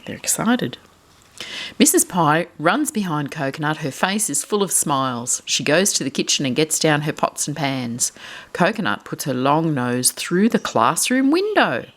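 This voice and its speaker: A woman reads a children's picture book aloud, stopping to ask her young listeners questions. Her voice sits on the low side but swoops widely up and down with expression. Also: sing-song, unhurried. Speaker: storyteller reading to children.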